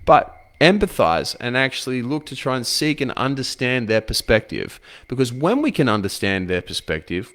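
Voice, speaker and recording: Blunt, profane man with a lively voice. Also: mid-range voice. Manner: blunt, swears freely, asks rhetorical questions. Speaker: men's coach. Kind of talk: motivational advice talk to camera.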